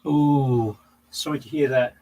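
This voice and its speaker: A man's voice: medium pitch, steady tone, slow pace, dark tone, low-quality recording. A man live-streaming from his home workshop, chatting casually to viewers and thinking aloud between tasks. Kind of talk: casual chat while working.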